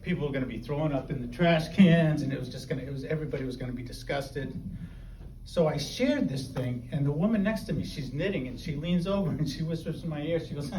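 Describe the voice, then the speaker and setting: A man's voice: fairly high pitch, fast talker, a little mellow. A middle-aged man from the New Hampshire seacoast, doing rambling, self-deprecating stand-up comedy full of fillers. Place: open mic venue. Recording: echoey room, distant mic, noisy.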